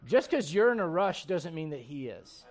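A male pastor preaching a conversational sermon, halting and restarting at times and slipping in humorous asides. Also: on the high side, very animated.

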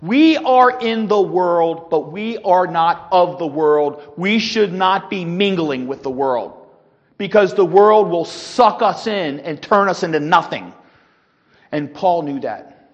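Man preaching a Bible lesson, emphatic, lively quotes, reverberant hall. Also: sits high, takes it slowly, highs cut off. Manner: emphatic, acts out quotes with rising force. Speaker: Sunday school teacher. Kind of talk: sermon. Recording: long echo in a large hall.

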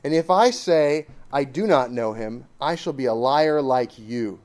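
A man preaching to a church assembly, reading scripture and then commenting on it emphatically, swinging between loud stresses and hushed asides. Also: mid-range voice, lively intonation, a little slow.

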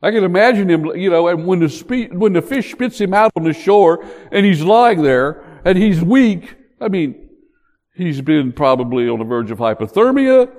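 An older man preaching a sermon, telling the story in an animated way and joking with the congregation. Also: sits high, moderate pace. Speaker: pastor. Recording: long hall reverb.

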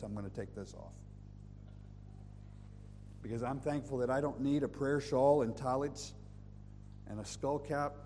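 A male pastor preaching a sermon, who moves between loud emphatic scripture reading and soft intimate prayer. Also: mid-range voice, big-room sound, a little hiss or hum. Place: church sanctuary.

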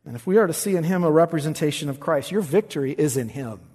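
A man preaching a sermon, reading scripture with emphasis and rising high on the quoted verses. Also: lively intonation, fast talker, a little mellow, slightly rough. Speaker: pastor. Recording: long reverb of a large hall.

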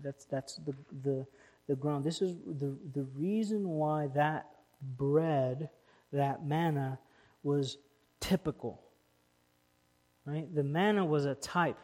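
Man, pastor delivering a church sermon; emphatic, slightly higher voice. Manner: emphatic, rising to loud stresses.

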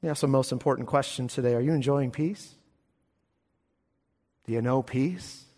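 A man preaching a sermon as pastor, emphatic, swinging between hushed lines and loud, ringing ones. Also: mid-range voice, moderate pace. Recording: long hall reverb.

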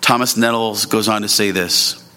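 Bright-voiced man preaching a sermon. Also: steady tone, moderate pace. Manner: earnest preaching, rising in pitch at emphatic points. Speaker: pastor.

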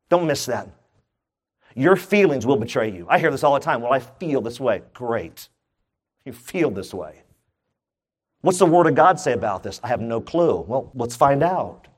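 A middle-aged pastor preaches a sermon emphatically. He throws in comic asides, and his pitch sometimes leaps suddenly upward.

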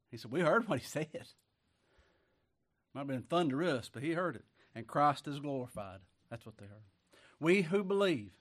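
The sermon is delivered by a man of medium pitch who reads scripture with slow, heavy deliberation. He moves back and forth between loud emphasis and quiet asides and chuckles frequently.

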